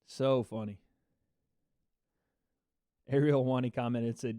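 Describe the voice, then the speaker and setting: A man's voice: fairly high pitch, normal speed, a little mellow, no echo, studio quality. A man hosting a casual livestream reaction, rambling loosely with laughs and the odd swear word.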